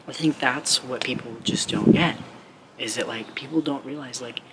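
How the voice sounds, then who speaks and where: Man, motivational speaker, casual to-camera talk, earnest, rambling, mid pitch, clear hiss behind. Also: normal speed. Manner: earnest, rambling, heavy use of 'like'. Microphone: camera mic. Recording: clear steady background noise.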